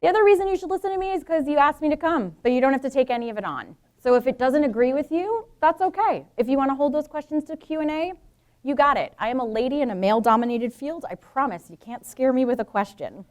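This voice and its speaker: Woman, middle-aged, from Brooklyn and New Jersey, professor, public lecture, informal and frank, fairly high voice. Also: fast. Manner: lively, informal and frank, with asides to the audience.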